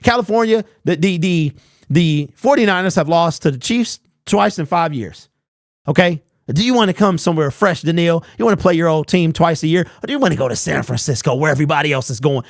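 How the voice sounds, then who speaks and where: Blunt ranting high-voiced man, dry close mic. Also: no echo. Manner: blunt and ranting, with rhetorical questions. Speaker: host. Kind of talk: live-stream sports talk, reading chat.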